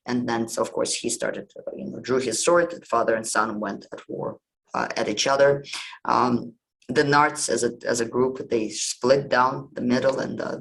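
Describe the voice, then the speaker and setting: Gravelly man retelling myths casually. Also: mid-range voice, a bit bright, low-quality recording. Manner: conversational, meandering retelling. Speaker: podcast host. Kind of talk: casual storytelling.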